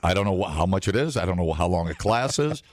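A man's voice: low voice, animated, fast talker, no room sound. A man hosting a morning radio show, rambling and joking with plenty of fillers.

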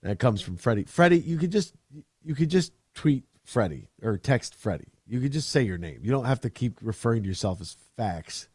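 Animated sports radio host, dry sound. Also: male voice, mid-range voice, normal speed, breathy edge, dry recording. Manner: animated, rambling, mocks players with put-on quotes. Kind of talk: casual sports talk.

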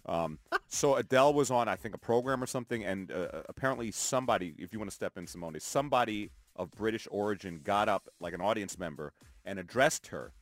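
Animated Canadian man, playful radio banter. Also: on the low side, a little fast, dry recording, soft background music. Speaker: radio morning show co-host. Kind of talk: casual morning radio banter.

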